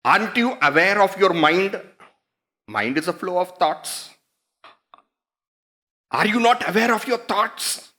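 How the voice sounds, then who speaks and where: A man's voice: high voice, lively intonation, takes it slowly, pauses often, sharp tone. A man giving a spiritual discourse, teaching through rhetorical questions and emphatic repetition. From India.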